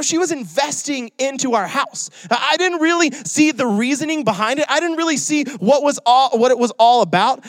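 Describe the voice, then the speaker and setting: A man's voice: very high-pitched, no room sound. A young adult man preaching a sermon in a joking, conversational way. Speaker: pastor.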